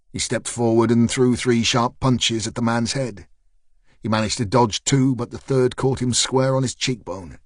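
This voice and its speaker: A man reading an audiobook in a steady, measured storytelling manner on a close studio mic. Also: lowish voice, no echo. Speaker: audiobook narrator. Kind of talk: scripted narration.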